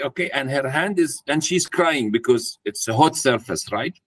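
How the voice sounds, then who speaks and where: At a mentoring workshop, a man addresses a live audience in a medium-pitched, sing-song voice at a measured pace. He poses questions to the room and plays out a parent speaking to a child in this interactive workshop talk.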